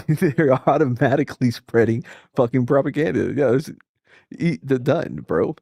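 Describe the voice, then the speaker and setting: A man's voice: mid-range voice, lively intonation, normal speed, creaky, mellow, breathy edge, no room sound, clean studio sound. A man hosting a casual reaction chat, rambling and profane, laughing often and restarting his sentences. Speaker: streamer host.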